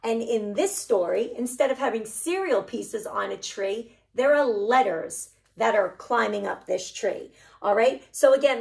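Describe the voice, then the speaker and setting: A woman, a children's librarian, reading a picture book aloud to preschoolers with animated, singsong storytelling. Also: fairly high pitch, gravelly. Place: library program recorded for online viewing.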